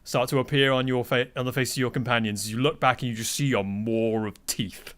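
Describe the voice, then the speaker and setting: A man's voice: medium pitch, steady tone, brisk, fairly bright tone. A man on a podcast as a guest, telling game-master anecdotes in casual chat, acting out quotes and swearing freely.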